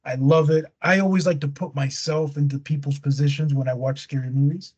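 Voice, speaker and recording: A husky, slightly high-voiced man talks loosely and animatedly, slangy as he walks through a scary movie's plot. The recording sounds dull and lo-fi. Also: steady tone, brisk, darkish tone. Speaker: podcast host. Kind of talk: casual chat retelling a movie plot.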